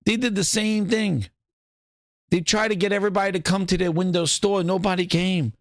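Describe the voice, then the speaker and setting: Brief: high-pitched male host, gravelly edge, dry close sound, profane and ad-libbing. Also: steady tone, normal speed, no room sound. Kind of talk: comedic gaming podcast rant.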